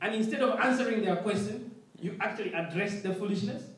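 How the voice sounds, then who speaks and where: A man's voice: sits high, fairly quick, distant mic, slight background noise. A man preaching a sermon, emphatic, repeating his phrases and calling out to the congregation for response. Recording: echoey room.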